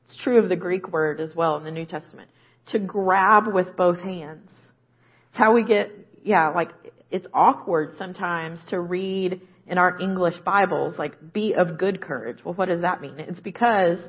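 A woman's voice: fairly low pitch, breathy edge, lo-fi sound. A woman preaching a conversational sermon, often checking in with "right?". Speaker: guest preacher.

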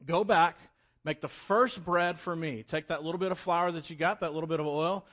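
A confident male prophet gives firm, step-by-step instructions, voiced by a preacher retelling the story. The voice is a little high and stays close to a man's everyday speech. The recording is dull and lo-fi. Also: fairly quick, close to an everyday voice. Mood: commanding.

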